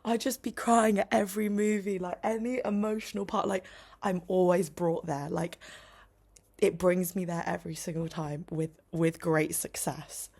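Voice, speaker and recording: A woman's voice: fairly low pitch, fairly even intonation, normal speed, a little mellow. A young woman vlogging casually at home, rambling with lots of fillers and often dropping to a whisper. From United Kingdom. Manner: many "like" fillers, self-interrupting. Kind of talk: casual vlog chat.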